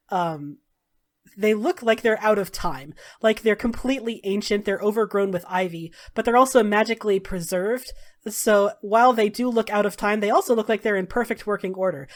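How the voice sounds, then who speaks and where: Woman, game master, casual narration, chatty. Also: medium pitch.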